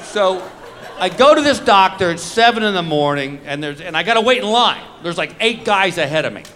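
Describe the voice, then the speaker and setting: A man's voice: high voice, expressive, brisk, sharp tone, some chatter behind. A man doing a stand-up comedy routine on a club stage, telling a story with punchlines and brief acted quotes. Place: comedy club stage with live audience laughing. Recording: live club recording with audience noise.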